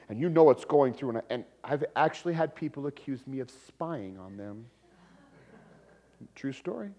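A pastor, preaching a conversational sermon and acting out quotes with humor. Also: male voice, mid-range voice, big pitch swings, a little fast, warm tone.

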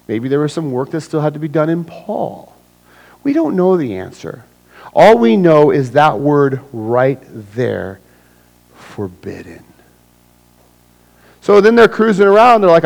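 A male pastor delivering an animated sermon. He swings between big, almost shouted bursts when he acts things out and quiet, low-voiced stretches when he gets serious. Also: unhurried, vocal fry, pauses often, poor audio. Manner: animated, acts out scenes with sudden loud bursts; drops to a hushed low voice for serious points.

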